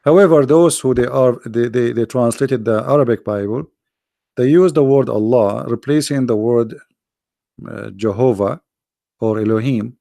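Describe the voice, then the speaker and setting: Gravelly, blunt man, dry sound. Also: medium pitch, normal speed, warm tone, no room sound. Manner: blunt, scornful, repeats himself. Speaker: livestream host. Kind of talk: combative religious talk.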